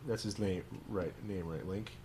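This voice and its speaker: A man's voice: low voice, fairly even intonation, normal speed, mellow, slight background noise. A man, a rabbi hosting a game stream, who chats with playful, joking asides while he plays. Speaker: rabbi and host. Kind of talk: let's play commentary.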